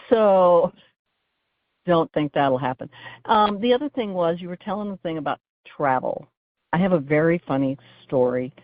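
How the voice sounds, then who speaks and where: A woman's voice: low voice, no room sound. A woman caller leaving a chatty voicemail for a radio show and telling a funny story between laughs. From Oregon, US. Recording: tinny phone line, dry.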